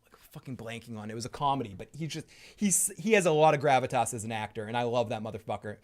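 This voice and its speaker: A man's voice: mid-range voice, animated, fast. A man hosting a casual, opinionated chat, rambling and profane, with playful bursts of impressions. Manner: profane and rambling, full of restarts. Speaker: host.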